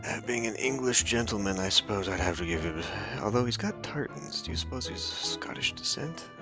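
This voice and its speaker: A man's voice: lowish voice, animated, brisk, over loud music. A man hosting a let's play, voicing game characters and making casual, wry commentary. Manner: wry, laughing asides.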